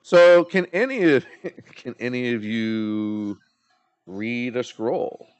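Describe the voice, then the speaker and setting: A man's voice: mid-range voice, lively intonation, slow, clear, resonant tone, dry recording. A young man narrating a tabletop game as game master, explaining loosely with fillers and restarts.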